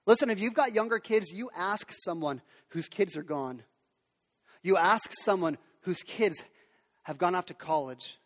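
A man's voice: high voice, measured pace. A man preaching a sermon to parents in an earnest, conversational way. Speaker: pastor. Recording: long reverb of a large hall.

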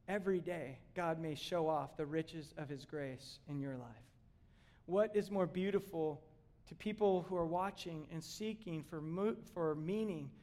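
A middle-aged man preaching a sermon as pastor, animated and emphatic, building to repeated exclamations. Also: sits high.

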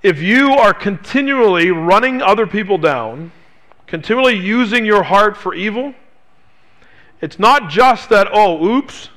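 Unhurried and with lively intonation, a male pastor delivers his sermon in a bright, ringing voice high for a man. He presses his points emphatically, throws rhetorical questions at the audience, and sinks to a hushed low voice for key phrases.

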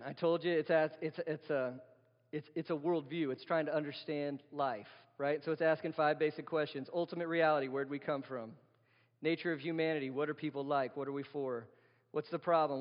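A man's voice: fairly high pitch, brisk. A male pastor delivering a sermon in a conversational style, often putting questions to the congregation, recorded in a church. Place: church sanctuary. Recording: long hall reverb, dull lo-fi sound.

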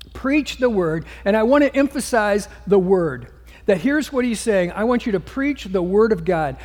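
A man's voice: high voice, darkish tone, long reverb tail. A man pastor preaching a sermon, earnest and emphatic, often restarting his sentences.

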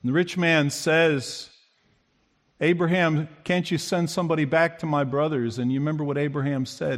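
A man preaching a sermon who acts out the quoted speakers with big swings in pitch and loudness. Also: steady tone, moderate pace.

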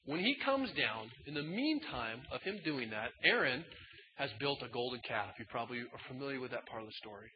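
A man preaching a sermon in a casual, folksy way, swinging between loud emphatic bursts and quiet asides. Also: medium pitch, animated, fairly quick, a little hiss or hum. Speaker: pastor. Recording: dull sound in a large reverberant hall.

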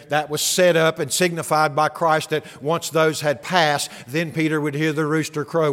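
Guy preaching a sermon, earnest and emphatic, fairly high voice, long echo in the church. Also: fairly bright tone. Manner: earnest, emphatic, repeats key phrases. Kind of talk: expository sermon.

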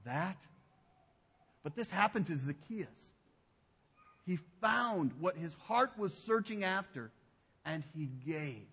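High-voiced pastor preaching in a hall. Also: male voice, animated, slow, breathy edge. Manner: emphatic preaching, drops to a hushed low voice on key phrases. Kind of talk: sermon. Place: church sanctuary.

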